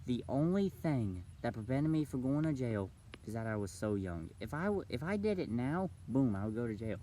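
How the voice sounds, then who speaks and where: A young man vlogging, telling a story casually and acting out the other people's voices with big jumps in pitch. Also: big pitch swings, normal speed, warm tone, slight background noise, poor audio. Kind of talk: storytelling vlog.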